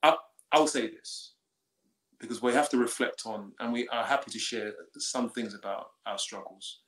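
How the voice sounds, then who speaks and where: A man's voice: medium pitch, normal speed, fairly bright tone. A man chatting playfully as a podcast guest about marriage. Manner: playful, joking. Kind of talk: casual conversation. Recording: roomy echo.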